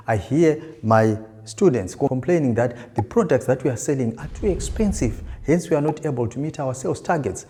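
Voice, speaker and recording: A man's voice: medium pitch, dark tone. A male sales trainer giving a motivational lesson, stressing and repeating key words for emphasis. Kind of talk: motivational teaching talk.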